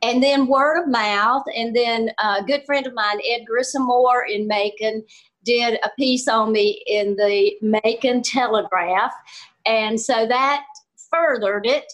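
A woman's voice: a little high, takes it slowly, fairly bright tone. An older woman with a Southern American accent, a comedian guest telling folksy stories and laughing often in a casual interview over a video call. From Southern US, Georgia.

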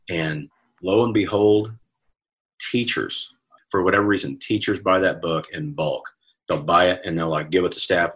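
A man's voice: low voice, a bit bright, slightly rough. A man who is a comedian and author, telling candid, reflective stories in a casual interview over a video call. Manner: chatty, reflective anecdotes with self-quoting.

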